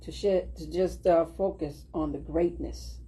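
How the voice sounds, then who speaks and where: A woman's voice: on the low side, steady tone, measured pace, warm tone, low-quality recording. A woman talking as a guest on a casual talk show, earnest and appreciative.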